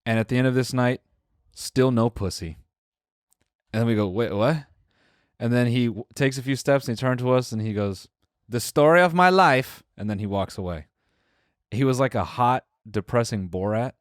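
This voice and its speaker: A man's voice: mid-range voice, fast, no room sound, studio quality. A young man co-hosting a podcast, casually telling a story with plenty of swearing and acting out the people in it. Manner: animated storyteller, acts out quoted people, swears freely. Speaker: podcast co-host.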